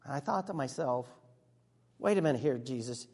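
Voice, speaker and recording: A man playing an earnest, excitable disciple who tells his own story in a church monologue, chatty with sudden hushes and bursts. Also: medium pitch, moderate pace. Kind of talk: first-person dramatic monologue. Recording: long reverb of a large hall.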